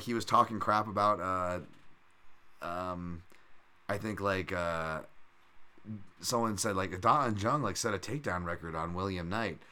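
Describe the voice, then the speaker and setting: A young man riffs through a casual solo podcast about fights, piling on fillers and restarts. His voice sits low but comes out bright and forceful. He rambles eagerly, hopping between asides. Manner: rambling, animated, lots of fillers and loud impressions. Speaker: podcast host, MMA analyst.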